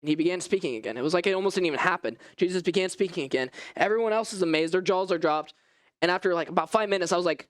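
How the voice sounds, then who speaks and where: A man preaching a first-person dramatic sermon as an animated storyteller whose voice rises and falls. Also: sits high, racing, smooth, no echo. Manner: animated storytelling, voice rising and falling.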